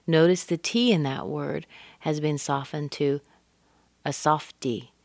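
A woman teaching a pronunciation lesson, slowly demonstrating and repeating sounds and words. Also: sits low, expressive, darkish tone, dry recording. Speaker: accent coach.

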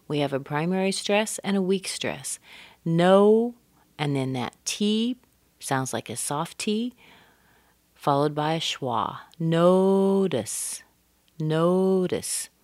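A low-pitched woman coaches pronunciation at an unhurried pace. She repeats each sound and word slowly to demonstrate it, and the recording is close and dry. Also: expressive, darkish tone, dry recording. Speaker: accent coach. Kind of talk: pronunciation lesson.

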